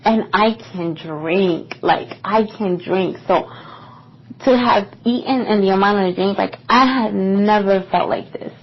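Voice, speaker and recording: A young woman at an ordinary middle pitch recounts a personal story on a podcast, casual and meandering and full of filler words. The recording is muffled and lo-fi, lacking crispness. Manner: casual, rambling, with many "like" fillers. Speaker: podcast co-host.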